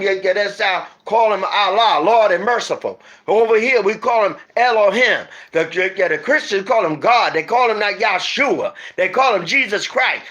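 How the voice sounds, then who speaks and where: A man preaching informally in a high, bright voice. He tells a story and hammers the same rhetorical questions over and over. He swings between low, quiet asides and loud bursts, and trips over his restarts. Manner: emphatic, repeats rhetorical questions, stumbles and restarts.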